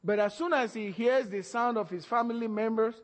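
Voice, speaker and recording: A man, a pastor, preaching a sermon with animated storytelling, laughing often and acting out the voices in his stories. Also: extremely high pitch, brisk, big-room sound.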